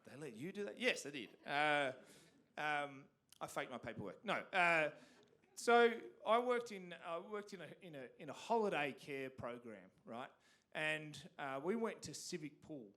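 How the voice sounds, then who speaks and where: A man's voice: fairly high pitch, expressive, unhurried, a bit bright. An Australian man telling a rambling, profane stand-up comedy story on a theatre stage.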